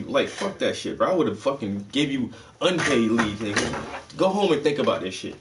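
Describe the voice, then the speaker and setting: A man's voice: on the high side, lively intonation, normal speed, recorded from a distance, noisy background. A man giving casual commentary as a vlogger, heated, slangy and full of profanity.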